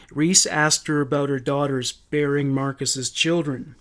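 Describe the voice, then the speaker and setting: Brief: male true crime narrator, measured and somber, slightly high voice. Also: steady tone, a bit bright.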